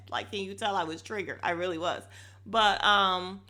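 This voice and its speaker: A mid-range voice, pushed and bright, delivered at normal speed, belongs to a woman hosting a podcast. Recapping a reality show, she's opinionated and blunt, swears a lot, and gets fired up when annoyed.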